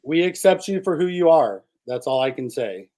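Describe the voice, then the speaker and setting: A man's voice: on the high side, animated, normal speed, dark tone, poor audio. A man hosting a casual podcast, opening the show as an upbeat, jokey emcee. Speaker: podcast host.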